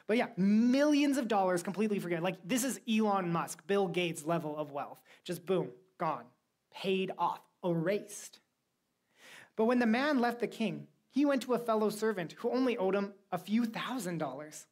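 A woman preaching a sermon in an animated, conversational way, mixing scripture with casual slang. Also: mid-range voice, moderate pace.

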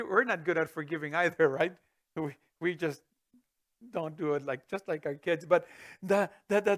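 A middle-aged man preaching a sermon as pastor, swinging from booming to hushed with chuckling asides.

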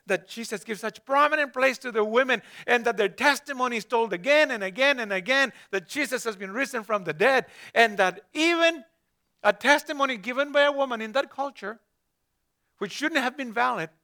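A man's voice: very high-pitched, expressive, moderate pace, bright, forceful tone. A man preaching a conversational sermon, asking his listeners rhetorical questions and addressing some of them by name.

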